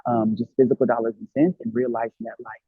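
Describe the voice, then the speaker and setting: A man chatting casually as a tarot reader in an interview, lively and often quoting other people in character. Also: mid-range voice, quick pace, breathy edge, no echo. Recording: tinny phone-like line, dry.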